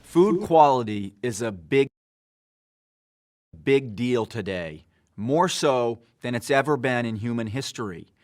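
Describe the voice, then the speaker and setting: A man reading a scripted explainer in a measured, explanatory way. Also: medium pitch, lively intonation, a little mellow. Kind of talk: scripted narration.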